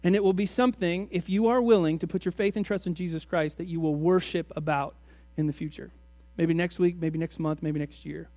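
A man's voice: on the high side, steady tone, fairly quick, few pauses, dark tone, no room sound. A man preaching a sermon as a pastor, in a conversational way full of rhetorical questions to his congregation.

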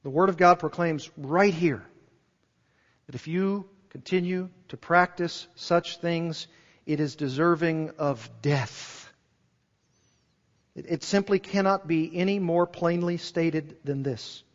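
A man's voice: a little high, takes it slowly. A man preaching a sermon in an earnest, emphatic way, pressing his listeners with repeated rhetorical questions. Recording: dull recording with long hall reverb.

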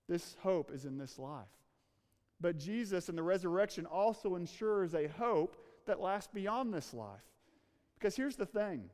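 A man with a high voice preaching an earnest sermon, drawing out words and sinking to a near hush to press a point. The sound rings out in a big hall with a long reverb tail. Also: animated. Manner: earnest, slows and drops to a hush for emphasis. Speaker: pastor. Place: church room with a congregation.

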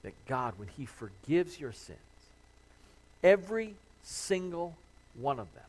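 Earnest pastor with a higher voice. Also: male voice, sing-song, takes it slowly, a little mellow, breathy edge, rough recording. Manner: earnest, building to impassioned emphasis; voices imagined worshippers' pleas. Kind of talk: sermon.

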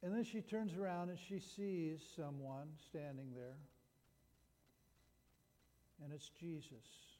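A man's voice: on the high side, fairly even intonation, slow pace, pauses often, mellow. A man preaching a sermon that retells a Bible story, talking in a conversational way with frequent restarts. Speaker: pastor. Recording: long hall reverb.

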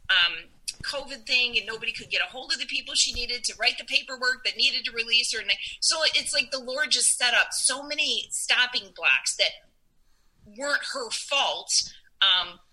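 A woman's voice: on the high side, sharp tone, poor audio. A woman casually recounting a personal faith story, often quoting what she and a friend said. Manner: chatty, quotes others' dialogue in her retelling. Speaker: storyteller sharing a faith testimony.

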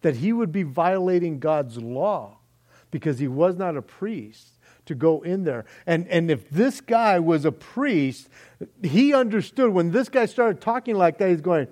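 A male pastor preaching a sermon in a lively, animated way, acting out quoted speech and often saying "man". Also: sits high, a little slow.

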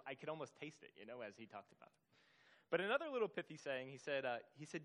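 A man's voice: medium pitch, big pitch swings, fast, a bit bright. A man preaching a sermon as a pastor, earnest and repetitive for emphasis, with frequent fillers.

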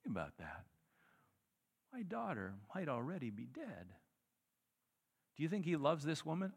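A male pastor preaching a sermon in a conversational, animated way, acting out the people in the story. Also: on the high side, moderate pace, gravelly, long pauses, slightly rough, in a large hall. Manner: animated, conversational, acts out quotes.

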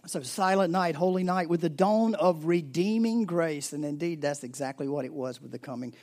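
A man preaching a sermon in a conversational way, rising to loud emphasis and dropping to a near-whisper. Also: a little high, expressive, moderate pace. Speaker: pastor.

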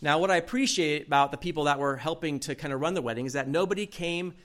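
A man's voice: fairly high pitch, fast, fairly bright tone. A middle-aged male pastor giving a sermon, telling a personal story with humor and acting out the people in it. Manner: humorous storytelling, acts out quoted voices.

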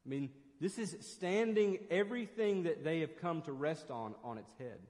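A man's voice: on the high side, normal speed, hardly any pauses, darkish tone, long reverb tail. A man preaching an expository sermon as pastor, earnest and emphatic, often restarting phrases.

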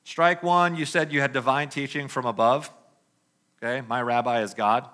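A man preaching a sermon, reading scripture emphatically and then dropping into quiet, conversational asides. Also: mid-range voice, steady tone, normal speed. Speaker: pastor.

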